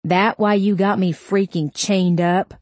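A woman's voice: medium pitch, steady tone, unhurried, darkish tone, dry recording, lightly acted. A woman voicing an angry, crude young man under police interrogation, snarling and sneering, in a dry close-up audiobook recording. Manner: snarling and crude, turning whiny and panicked when hurt.

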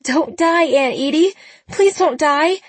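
A woman's voice: sits high, lively intonation, slow pace, dry recording, voice pushed up. A woman voicing a sobbing teenage girl. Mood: pleading, tearful.

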